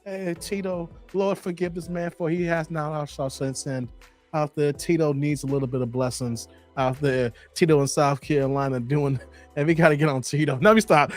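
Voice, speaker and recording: A man hosting a live commentary stream, animated, laughing often and talking to his chat by name. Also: fairly high pitch, normal speed, faint music behind.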